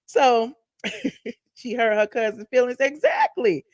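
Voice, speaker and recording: A woman with a Southern American accent, hosting a show where she recaps a reality show and chats with her viewers in a sassy, animated way. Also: a little high, a little slow, no room sound, studio quality. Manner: chatty, sassy, animated storytelling. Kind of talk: casual chat with live chat.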